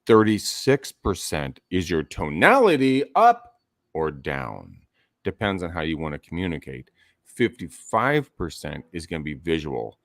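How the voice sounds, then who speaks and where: A man's voice: deep voice, huge pitch swings, measured pace, no echo, clean studio sound. A man co-hosting a real estate podcast, chatting casually and coaching listeners in an emphatic way. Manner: emphatic, coaching tone, profane at times. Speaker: podcast co-host.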